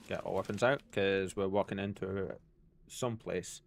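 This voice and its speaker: A man's voice: sits low, unhurried, vocal fry, slight background noise. A man streaming a video game, chatting casually to his viewers as he plays. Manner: chatty, talks to chat while playing. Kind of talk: casual let's-play commentary.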